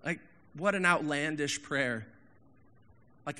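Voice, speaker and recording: A lively man in his thirties preaching a casual, candid sermon. His tone is bright and forceful, his pitch sits a little high, and long reverb rings around him in a big hall. He swings between loud emphasis and hushed asides. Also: slow, pauses often. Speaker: pastor.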